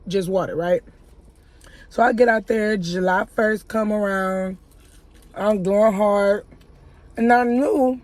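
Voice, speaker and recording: A woman's voice: mid-range voice, darkish tone. A woman giving a casual life-update vlog, telling a long story in a chatty way and speaking straight to her viewers. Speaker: YouTuber.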